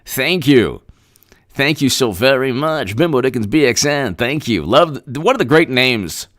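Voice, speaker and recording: This is a man hosting a live political commentary show. He reads the news, then drifts into sarcastic, rambling asides full of restarts. His voice is bright and pushes forward with force. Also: mid-range voice, lively intonation, normal speed. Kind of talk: live-streamed political commentary, reading news and thanking chat.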